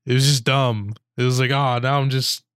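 A man chatting casually about a film, rambling and mock-quoting the characters. His voice is smooth and clear, recorded dry and close. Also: mid-range voice, fairly even intonation, normal speed, fairly bright tone, dry recording. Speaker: podcast co-host. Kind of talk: casual chat reviewing a movie.

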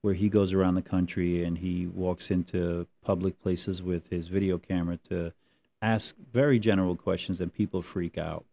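Male podcast co-host, low warm voice, rambling conversational delivery, dull lo-fi audio. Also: moderate pace, vocal fry. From New Jersey. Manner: rambling, animated storytelling with mimicked voices. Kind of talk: casual chat.

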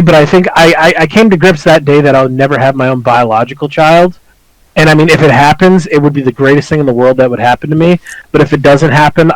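Candid man, somewhat high voice, reflective storyteller, dry close-miked podcast sound. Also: no echo, rough recording. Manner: reflective, open, chuckles while telling stories. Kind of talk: casual candid conversation.

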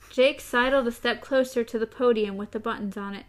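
A woman's voice: fairly high pitch, steady tone, fairly quick. A woman reading a novel aloud expressively and chatting about it with a co-host. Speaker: reader and co-host.

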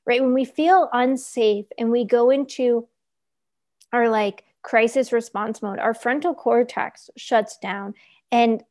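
A woman's voice: a little high, darkish tone. A woman speaking as a guest, teaching in an earnest, explanatory way and often checking in with "right?" and "like". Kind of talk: conversational teaching.

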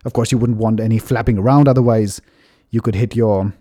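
A man casually telling a personal story, relaxed and chatty, swearing now and then and laughing at himself. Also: fairly low pitch, fairly quick. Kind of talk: casual anecdote.

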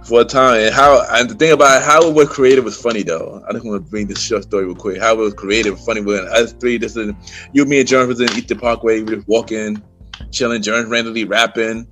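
A man's voice: lowish voice, fairly even intonation, brisk, a bit bright, faint music behind. Easygoing New man, podcast host. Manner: easygoing, agreeing often, street slang. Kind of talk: casual chat.

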